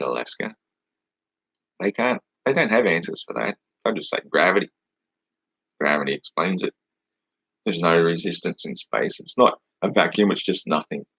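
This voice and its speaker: A man's voice: low-pitched, gravelly, fairly bright tone, breathy edge, no echo, poor audio. A man hosting a casual livestream, answering chat questions in a mocking, dismissive way and swearing now and then.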